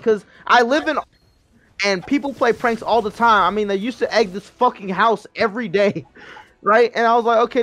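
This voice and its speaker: While playing a game, a man in his twenties with a very high voice tells a meandering, foul-mouthed story in an offhand way, now and then breaking out in loud, excited outbursts.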